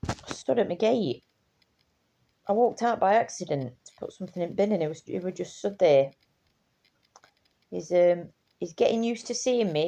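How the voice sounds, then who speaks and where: Tired woman vlogging; low, dark, gravelly voice, loose and chatty. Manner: chatty, swears casually, trails off and restarts. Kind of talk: casual rambling chat.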